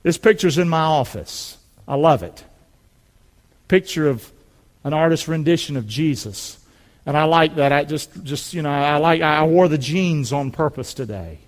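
Loud, lively Southern preacher from North Carolina. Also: male voice, on the high side, moderate pace, big-room sound. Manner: loud, fervent call-and-response preaching. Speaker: pastor. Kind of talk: sermon. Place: church building.

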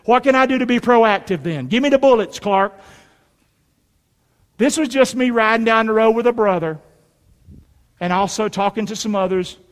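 A middle-aged male pastor preaching a sermon in a church, folksy and emphatic, pulling the congregation into call and response. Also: sits high. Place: church sanctuary. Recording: long hall reverb.

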